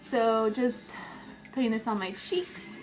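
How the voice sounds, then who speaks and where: A woman's voice: on the high side, fairly even intonation, slow pace, over music, low-quality recording. A young woman chatting casually through a makeup tutorial, giggly and self-mocking, with offhand asides. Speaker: beauty vlogger.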